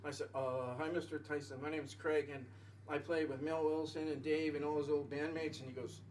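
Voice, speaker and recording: Guy yarning on stage at a small gig, rambly and chuckly, voice sitting a bit high and kinda far off the mic, music faintly behind. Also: little pitch movement, a little fast, darkish tone, slight background noise. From Canada. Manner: rambling, self-interrupting, laughing at his own jokes. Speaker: musician telling a story on stage. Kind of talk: storytelling between songs. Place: small music venue with audience. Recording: live music venue, mic from a distance.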